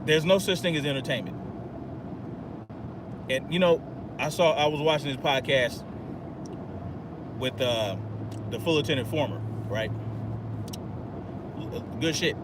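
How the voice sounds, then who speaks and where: A man's voice: on the high side, unhurried, pauses often, noisy background. A man hosting a podcast in an agitated, profane, rambling monologue. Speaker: podcast host. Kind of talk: ranting monologue.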